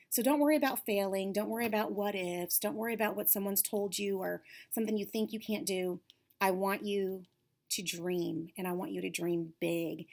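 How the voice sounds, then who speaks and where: Woman facilitator, encouraging coach to young girls, whispers for emphasis, slight vocal fry. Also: mid-range voice. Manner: warm, upbeat, coaching, drops to whispers for emphasis. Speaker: lead facilitator for girls' self-esteem class.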